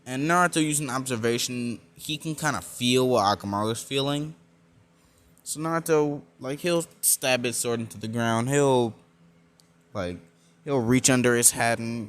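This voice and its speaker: A young man casually narrating a fan-made story, rambling with many fillers and self-corrections. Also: medium pitch.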